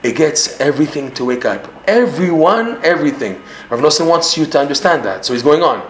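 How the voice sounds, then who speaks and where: A man with a Canadian accent teaching a Torah class in an animated way, quoting Hebrew lines and then translating them. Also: on the high side, fairly quick, roomy sound, slight background noise.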